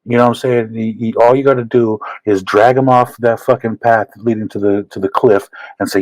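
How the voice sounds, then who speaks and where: A man co-hosting a casual comedy podcast, talking in a halting way with repeated words and profanity. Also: medium pitch, fairly even intonation, a little mellow, no room sound, low-quality recording. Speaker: podcast co-host.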